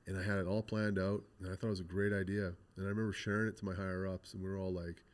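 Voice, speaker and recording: A low-pitched man talks at a racing clip as he tells his life story as a graffiti artist guest in an interview. Cursing freely and speaking bluntly, he animatedly replays past exchanges, quoting what people said.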